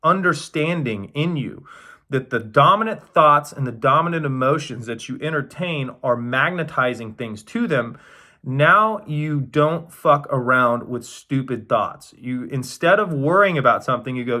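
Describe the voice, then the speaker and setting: Guy with a bright edgy voice lecturing on manifesting, pushy, keeps saying right?, swears a bit. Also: mid-range voice, lively intonation, measured pace. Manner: emphatic, repeats phrases, says "right?" often; swears casually. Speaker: metaphysics coach. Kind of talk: casual lecture to camera.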